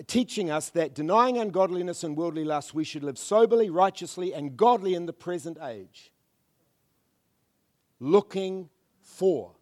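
Man, high-pitched preacher; fervent, dynamic sermon delivery with quiet prayerful drops. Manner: swings from loud fervent declarations to hushed murmured prayer; mimics churchgoers in asides.

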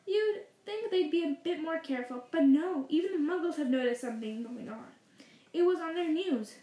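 A woman reading aloud and voicing a stern, prim woman professor who speaks in a brisk, clipped, impatient way. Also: high-pitched, lively intonation, warm tone. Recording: roomy echo.

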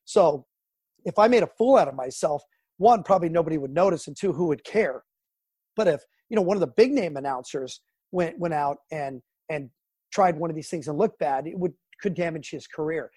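Brief: middle-aged sports broadcaster, lively storyteller, high voice, dry close sound. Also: male voice, fairly quick, slightly rough, dry recording. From Southern California. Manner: animated storyteller, acts out quotes and sounds. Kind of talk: storytelling interview.

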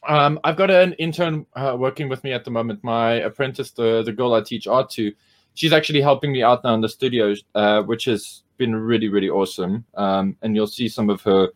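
A man co-hosting a podcast, chatting casually and excitedly with lots of fillers. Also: mid-range voice, brisk. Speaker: podcast co-host. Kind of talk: casual chat.

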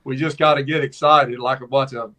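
A man's voice: medium pitch, brisk. A man with a Southern accent, a former college football player, telling stories in casual chat with folksy phrasing. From Mississippi. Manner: animated storyteller with folksy phrasing. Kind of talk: casual storytelling.

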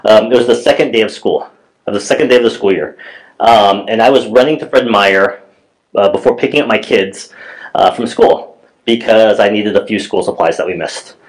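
A man's voice: lowish voice, poor audio. A middle-aged man, a pastor, preaching a sermon in a church in a conversational storytelling way, with many fillers and restarts.

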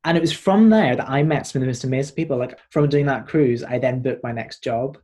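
A man's voice: mid-range voice, a little fast. A young man in his twenties with a Northern Irish accent, telling stories as a performer guest in a casual interview. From Northern Ireland. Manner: animated, rambling storyteller.

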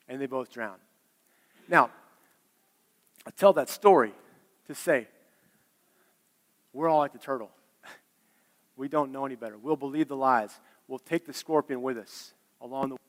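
A man's voice: medium pitch, measured pace, long pauses. Earnest man preaching in an echoing hall. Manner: earnest, emphatic, repeats phrases. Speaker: pastor. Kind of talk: sermon. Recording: long hall reverb.

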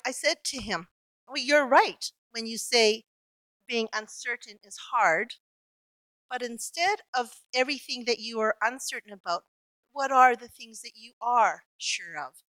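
A woman preaching a sermon, telling a personal story in an earnest, reflective way with slow emphatic pauses. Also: fairly high pitch, sharp tone, no room sound, poor audio.

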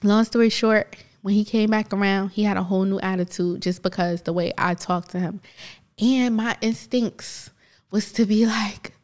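A woman from New Jersey co-hosts a casual podcast, talking in an animated, encouraging way. She laughs easily and slips into the voices of people in her anecdotes. Her pitch sits in the middle for a woman. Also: moderate pace. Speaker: podcast co-host. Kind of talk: casual motivational storytelling.

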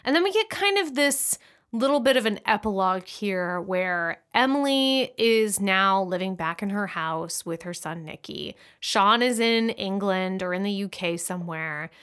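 A young woman co-hosts a book podcast at a mid-range pitch. She talks casually and retells the story with sarcastic, animated asides. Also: measured pace, clean tone. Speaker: podcast co-host.

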